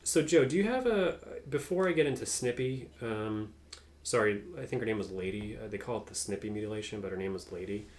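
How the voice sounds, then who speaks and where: A man co-hosting a casual podcast, laying out the topic in a relaxed, halting way. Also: fairly low pitch. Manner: relaxed, halting, many fillers. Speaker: podcast co-host presenting the topic.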